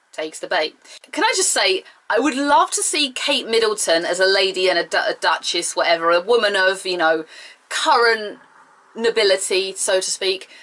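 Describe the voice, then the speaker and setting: A woman's voice: medium pitch, sharp tone. A woman giving a chatty, enthusiastic review of a TV episode, with playful asides.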